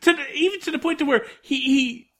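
A man's voice: extremely high pitch, brisk, a bit bright. A man giving an enthusiastic, rambling spoken review, full of fillers. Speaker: wrestling reviewer.

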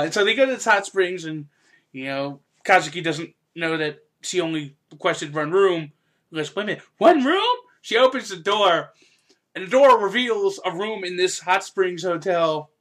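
Chatty, laughing podcast host, fairly high voice. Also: male voice. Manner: chatty, laughs often, bursts into loud impressions. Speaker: podcast host reviewing an anime. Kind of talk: casual podcast review.

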